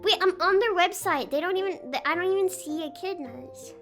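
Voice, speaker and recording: A young adult woman, chatting casually on a livestream in an excitable, giggly, sarcastic way. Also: very high voice, a little fast, music in the background. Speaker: streamer.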